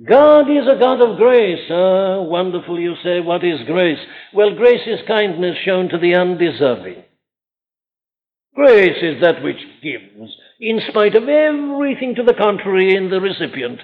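Very animated yet a little slow, a preacher with a fairly high voice for a man preaches from the pulpit, pressing his points earnestly and asking searching rhetorical questions. It's a thin, tinny archive recording.

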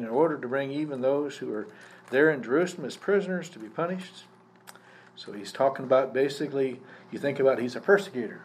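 Male pastor teaching a live sermon. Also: medium pitch. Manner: conversational teaching, poses questions to the congregation. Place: church service. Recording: faint background noise from a live service.

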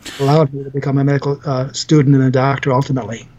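A man's voice: medium pitch, level tone, racing, darkish tone, dull audio, slight background noise. A man in his sixties, a doctor and author, telling earnest stories in a podcast interview with frequent repeated words. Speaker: guest, physician and author.

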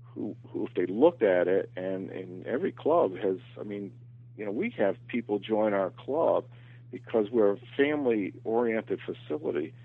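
A man's voice: fairly low pitch, lively intonation, normal speed, husky, dry recording. A man speaking as a golf professional guest in a podcast interview, earnest and repeating words as he gathers his thoughts. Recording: tinny phone line, very dry.

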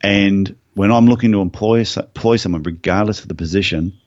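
A man's voice: fairly low pitch, a little fast, dry recording, lo-fi sound. A man who is a podiatrist, guest on an interview podcast, telling anecdotes in a casual way. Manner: storytelling, animated anecdotes.

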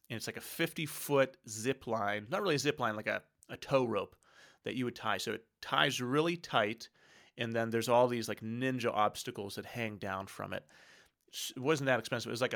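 A man's voice: mid-range voice, gravelly, a bit bright. A man in his thirties hosting a solo podcast, talking in an earnest, conversational way about family life. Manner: earnest, conversational, with quoted inner thoughts. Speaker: podcast host. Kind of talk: casual solo podcast talk.

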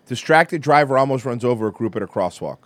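A man's voice: medium pitch, fast, very noisy. A man hosting a podcast in casual chat, ranting and telling stories with heavy swearing. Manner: profane, ranting, animated storytelling. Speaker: podcast host.

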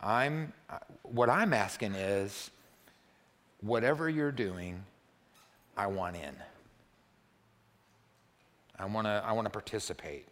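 A male pastor preaching a sermon in a church, playful and animated, swinging from loud, excited bursts to hushed, quiet passages. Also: on the low side, takes it slowly, long pauses.

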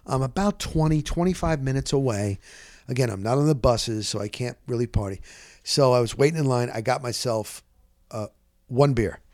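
A man's voice: on the high side, dry recording, clean studio sound. Chatty New man spinning anecdotes. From New Jersey. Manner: rambling, animated anecdotes with self-corrections and quoted dialogue. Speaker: podcast host. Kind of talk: casual storytelling.

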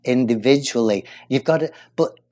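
Male co-host, from England, rambling and enthusiastic, mid-pitched easygoing chat. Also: normal speed, darkish tone, dull audio. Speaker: radio show co-host. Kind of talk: casual music chat.

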